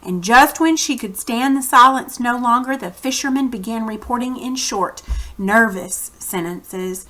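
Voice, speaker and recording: A woman teacher reads a story aloud to her students, pausing to explain words and set up the lesson. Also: a little high, bright, forceful tone. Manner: slow, careful, explanatory teacher talk.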